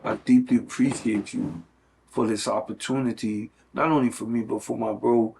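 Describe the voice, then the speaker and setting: A man's voice: mid-range voice, fairly even intonation, normal speed, gravelly, a little mellow, slight background noise. A middle-aged man talking earnestly in a casual conversation, with many fillers and restarts. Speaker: guest.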